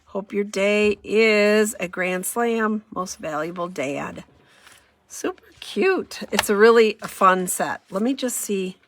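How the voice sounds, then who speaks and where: A woman's voice: mid-range voice, slow, hardly any pauses, slight background noise. A woman running a casual crafting demo, chatty and self-deprecating, thinking aloud as she works. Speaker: craft demonstrator.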